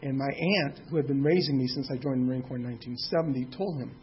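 A man's voice: medium pitch, fast, few pauses, lo-fi sound, slight background noise. A man in his sixties sharing his own story of recovery in a candid, plainspoken way, with a mild curse now and then. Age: 60s. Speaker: speaker sharing at a recovery meeting. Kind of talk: personal testimony.

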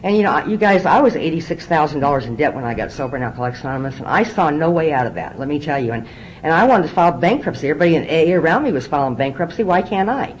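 A woman's voice: deep voice, lively intonation, rapid-fire, a little hiss or hum, poor audio. A middle-aged woman speaking from a podium at a recovery meeting, telling her story candidly and often repeating words as she restarts. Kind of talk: personal testimony talk.

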